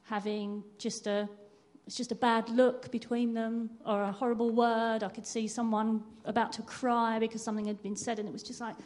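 A woman's voice: a little high, flat delivery, normal speed, few pauses, darkish tone. A woman sharing a candid personal testimony at church, with self-deprecating laughs.

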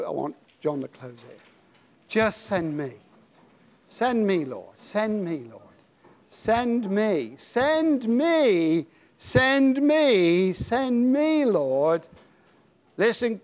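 An older British man preaching a sermon, dropping to a hush and then rising to dramatic shouts. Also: sits high. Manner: dramatic, swings from hushed to shouting.

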